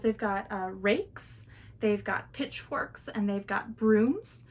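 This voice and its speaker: A woman's voice: medium pitch, takes it slowly. A woman telling a folktale in a casual, chatty way, with fillers and sighs. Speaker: storyteller. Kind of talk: casual oral storytelling.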